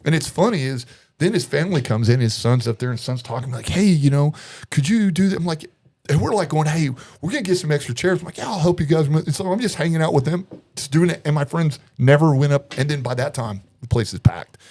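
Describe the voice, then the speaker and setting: A man's voice: fairly high pitch, animated, fast talker, a little mellow. A man telling a long story as a podcast guest in casual chat, acting out quoted voices and laughing often.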